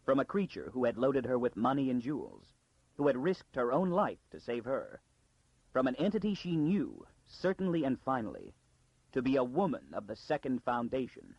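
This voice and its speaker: A man narrating an audiobook in a dramatic storytelling style with a gravelly, husky voice. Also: mid-range voice, sing-song, normal speed, darkish tone, no room sound, lo-fi sound. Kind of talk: scripted narration.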